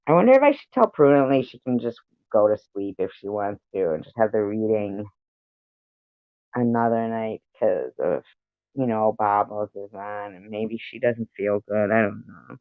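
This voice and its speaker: A man's voice: fairly low pitch, animated, moderate pace, no echo, phone-quality sound. A man hosting a livestream in casual chat, rambling to his viewers and cursing at his pets between topics. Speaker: livestream host. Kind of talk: casual chat with a live audience.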